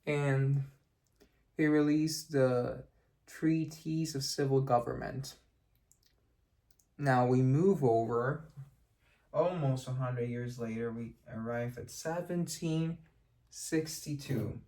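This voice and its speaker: A man's voice: medium pitch, slow, pauses often, dark tone. Chatty man giving a history lesson. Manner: chatty, digressive, with joking asides and self-corrections. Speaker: history lecturer and channel host. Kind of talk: casual explanatory history lesson.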